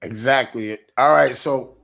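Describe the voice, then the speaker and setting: A man's voice: mid-range voice, unhurried, a bit bright. A man hosting a livestream, rambling in a casual rant, stammering and restarting as he answers chat comments. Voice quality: gravelly. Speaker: livestream host.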